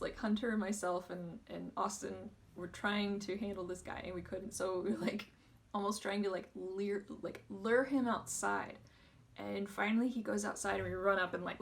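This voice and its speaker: A woman's voice: medium pitch, fairly even intonation, moderate pace, creaky, recorded from a distance. A young woman, a former video store clerk, telling a story casually in an interview, laughing often and using many fillers.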